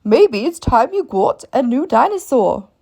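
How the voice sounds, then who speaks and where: A woman's voice: high-pitched, big pitch swings, a little slow, darkish tone, pitched above the performer's own voice, full character voice. A woman reading a storybook aloud, voicing a good-natured, bumbling father pig in a hearty, plain-spoken way.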